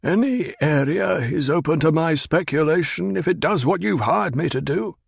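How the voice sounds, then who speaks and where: A man's voice: fairly high pitch, animated, moderate pace, vocal fry, husky, no echo, studio quality, voice pushed up, exaggerated voice. A man voicing a shrewd, bitter old spymaster who speaks in a clipped, coldly insistent way.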